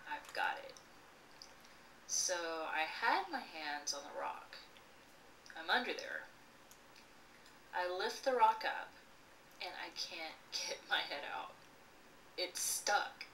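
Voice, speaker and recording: A woman slowly telling a personal childhood story with lively expression and occasional laughs. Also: mid-range voice. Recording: echoey room, voice from a distance, faint noise.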